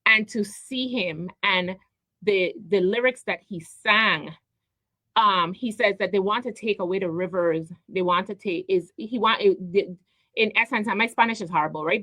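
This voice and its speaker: A woman's voice: medium pitch, bright, forceful tone, no echo, poor audio. Heartfelt woman radio host, dry sound. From U.S. Virgin Islands (St. Croix). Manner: halting, repeats words, many ums, heartfelt. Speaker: radio talk show host. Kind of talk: emotional personal monologue. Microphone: studio microphone.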